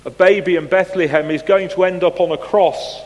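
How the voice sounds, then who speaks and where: A man preaching a sermon, chatting with the congregation through a picture quiz and putting questions to them with gentle humor. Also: high-pitched, steady tone, moderate pace, highs cut off. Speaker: pastor. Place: church. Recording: long church reverb.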